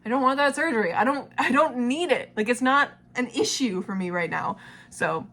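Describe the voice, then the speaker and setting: A woman in her twenties, vlogging casually and talking to her past self, emotional and quick to laugh and tear up. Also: a little high, lively intonation, a bit bright. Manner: emotional, laughs and cries easily, swears casually.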